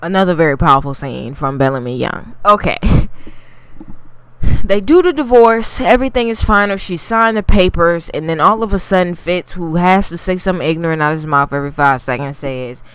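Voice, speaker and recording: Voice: mid-range voice, lively intonation, brisk, fairly bright tone, clean tone, dry recording. A TV recap reviewer giving a casual, blunt, profane take and talking straight to the viewers. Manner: addresses viewers directly.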